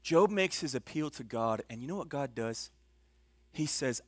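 A man preaching a sermon as pastor, swinging from hushed, low passages to loud, emphatic ones. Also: animated, normal speed, no echo.

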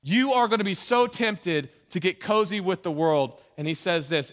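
A man's voice: sits high, animated, moderate pace, in a large hall. A man preaching a conversational sermon as pastor, emphatic, with joking asides.

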